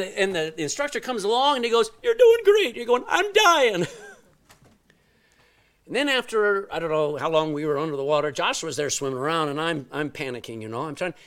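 A middle-aged man delivering a sermon in an animated storytelling way. His fairly high voice rises and falls widely, jumping from loud outbursts to hushed asides. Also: fairly quick. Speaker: pastor.

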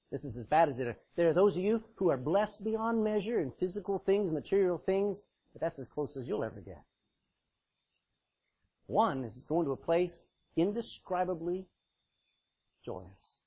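A middle-aged male preacher giving a sermon in an emphatic, folksy way, swinging between loud declarations and quiet asides. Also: fairly high pitch, expressive, normal speed, long pauses, husky, highs cut off.

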